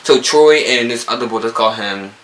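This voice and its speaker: A man's voice: medium pitch, moderate pace, fairly bright tone, rough recording. A young man from New Jersey with a local accent, telling a rambling storytime vlog full of quoted dialogue. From Newark, New Jersey. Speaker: vlogger. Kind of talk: casual storytime.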